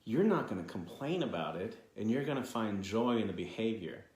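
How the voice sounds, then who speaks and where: Deep-voiced man, earnest podcast co-host. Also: sing-song, a little fast, darkish tone, reverberant. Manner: earnest, motivational, joking. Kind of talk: casual conversation.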